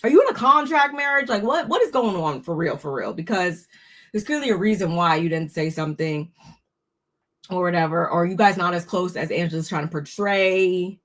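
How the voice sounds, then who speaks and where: A woman's voice: on the low side, lively intonation, normal speed. A woman giving a casual, opinionated recap of a reality show, talking freely with frequent restarts. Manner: chatty, opinionated, restarts often. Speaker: recap host.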